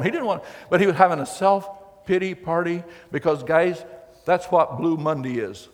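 Male pastor, folksy storytelling sermon, fairly high voice, long hall reverb. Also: normal speed. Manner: folksy, animated storytelling with acted quotes. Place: church hall.

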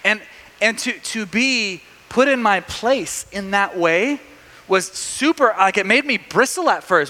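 A high-pitched male preacher with a bright, forward voice. He tells his story animatedly and often restarts his sentences. The sound rings with the long reverb of a church hall. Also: expressive, unhurried. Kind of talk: sermon.

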